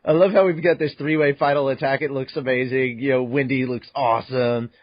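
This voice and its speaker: An animated man hosting a fan podcast gives a brisk, casual recap of a manga chapter at a middle pitch. He acts out his own reactions and swears freely. The audio is dry and a little dull, like a lo-fi home recording.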